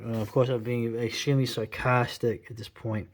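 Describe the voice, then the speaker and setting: A man's voice: medium pitch, level tone, normal speed, a little hiss or hum. A middle-aged man giving a rambling, sarcastic reaction commentary, full of fillers and restarts.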